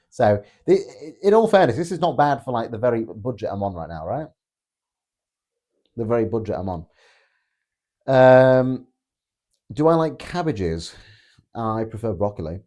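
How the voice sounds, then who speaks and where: A man's voice: lowish voice, mellow. A man hosting a casual live stream, answering chat in a blunt, joking way with plenty of swearing. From Britain. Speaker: political streamer reading chat.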